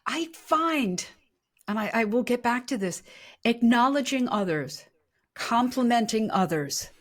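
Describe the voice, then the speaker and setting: A woman's voice: on the high side, lively intonation, a little slow. A woman hosting a podcast, talking casually with her guest. She affirms him often with "mm-hmm" and "yeah.". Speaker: podcast host. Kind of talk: casual conversational interview.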